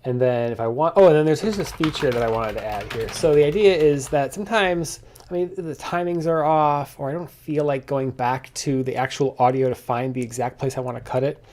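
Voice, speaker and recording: A man's voice: mid-range voice, brisk, darkish tone, slight background noise. Man rambling through a coding log. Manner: rambling, thinking aloud with many restarts. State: slightly out of breath. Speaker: software developer streaming his coding. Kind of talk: casual spoken coding log.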